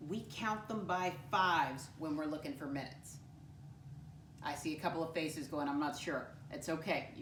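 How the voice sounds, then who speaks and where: Echoey teacher talking to little kids. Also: female voice, lowish voice, a bit bright, slight background noise. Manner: encouraging, addresses kids as "my friends", spells words out slowly. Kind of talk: first-grade lesson to camera. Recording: echoey room, voice from a distance.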